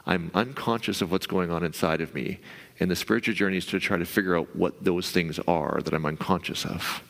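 A male pastor giving a conversational sermon, now and then acting out the voice in your head in a higher, pushier tone. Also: steady tone, brisk, gravelly, a bit bright, big-room sound. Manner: conversational, acts out inner voices in a raised pitch.

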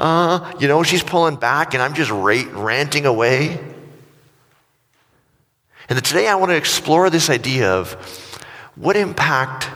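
A man's voice: medium pitch, sharp tone. A middle-aged man preaching a sermon, telling self-mocking stories in a casual, joking way. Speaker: pastor. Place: church hall. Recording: church hall with long reverb.

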